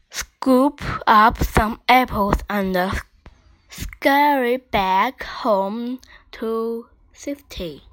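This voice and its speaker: A woman reading a children's story aloud, soft and partly whispered, with the odd filler. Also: mid-range voice.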